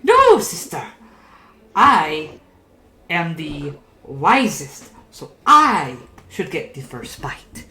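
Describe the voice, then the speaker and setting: A woman's voice: sits low, big pitch swings, very slow, pushed and bright, roomy sound, heavily acted. A woman voicing an ugly old hag puppet in a puppet show, squabbling greedily with her sisters. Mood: boastful.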